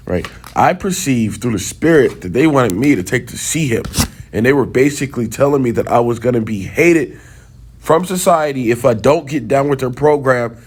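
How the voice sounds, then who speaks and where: Man in a middle voice, loose sit-down teaching, checks in with the listener often, runs heated and scornful. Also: mid-range voice. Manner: talks loosely, checks in with "right?" and "okay?". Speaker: religious teacher.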